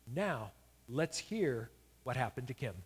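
A man's voice: medium pitch, big pitch swings, slow pace, slightly rough. A male pastor giving a sermon, telling a healing story with emphatic rises. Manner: storytelling preacher, rising to loud emphatic peaks.

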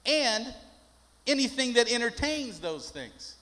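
Older male pastor, high-pitched, folksy and emphatic, recorded in a reverberant sanctuary. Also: very animated, takes it slowly, bright, forceful tone. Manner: folksy storytelling, rising to emphatic preaching. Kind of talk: sermon. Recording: long hall reverb.

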